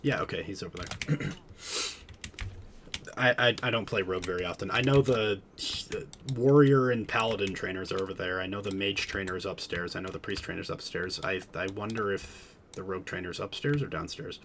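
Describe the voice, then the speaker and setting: A man's voice: low-pitched, normal speed, fairly bright tone, a little hiss or hum. A man streaming a game, chatting casually and explaining the mechanics as he plays. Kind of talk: casual gameplay commentary.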